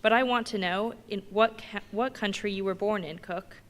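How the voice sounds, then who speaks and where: A woman reading the lines of a domineering male ship's mate in a brisk, bossy questioning manner. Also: medium pitch, fairly bright tone, natural voice. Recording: long reverb in a big hall.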